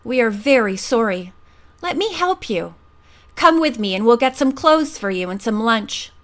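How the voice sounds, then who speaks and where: A woman voicing a polite young man who speaks gently to console someone. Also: a little high, expressive, normal speed, natural voice. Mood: consoling. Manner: soothing, polite.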